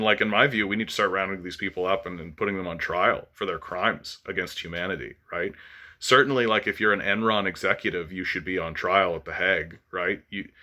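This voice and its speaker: A man's voice: fairly low pitch, pushed and bright. A man from Canada hosting his own channel, delivering an impassioned political monologue full of fillers and restarts. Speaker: channel host.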